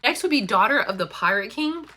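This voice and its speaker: A woman's voice: on the high side, expressive, brisk, pushed and bright, breathy edge. A woman, chatting casually about books and laughing often. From Kentucky, USA. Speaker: school librarian and book vlogger. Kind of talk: casual chat.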